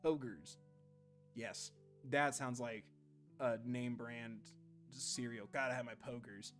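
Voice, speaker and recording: A man's voice: mid-range voice, fairly even intonation, a bit bright, soft background music. Chatty young man streaming a game. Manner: chatty, jokey, quick asides. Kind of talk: casual live gameplay chat and reading aloud.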